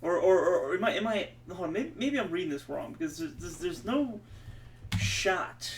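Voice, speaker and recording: A man's voice: sits high, lively intonation, moderate pace. A man thinking aloud while coding, muttering to himself, exasperated and swearing casually. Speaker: streamer coding on camera. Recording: distant mic with faint background noise.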